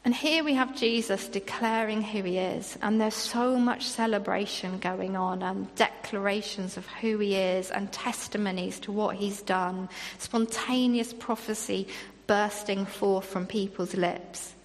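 A woman's voice: medium pitch, steady tone, a little slow, in a large hall. A woman preaching a sermon in an earnest manner, reading scripture aloud between her own remarks.

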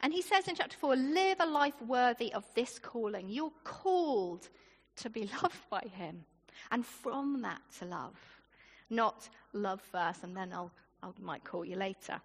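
A woman preaching a sermon in a church, chatty and animated, with informal asides. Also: mid-range voice, measured pace, vocal fry, breathy edge. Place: church hall. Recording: long hall reverb.

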